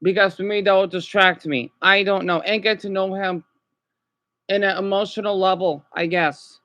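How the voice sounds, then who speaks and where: High, bright-voiced man, upset and halting. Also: fairly even intonation, dry recording. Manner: halting, repeats himself, frequent "okay?" tags. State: upset and exhausted. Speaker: vlogger livestreaming. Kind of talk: unscripted rambling livestream.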